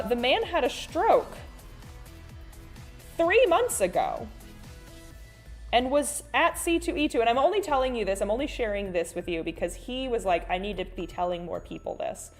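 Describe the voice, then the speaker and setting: A woman hosting a casual art livestream. She rambles with many fillers and restarts, reads viewer chat aloud, and calls people "sweet bean" and "honey.". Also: on the high side. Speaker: artist and livestream host.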